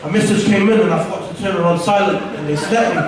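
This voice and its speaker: A man's voice: sits high, fast talker, a loud crowd. A young man giving an earnest, candid personal testimony, often restarting his sentences. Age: young adult. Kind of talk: personal testimony told to an audience. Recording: echoey room, from far off the mic.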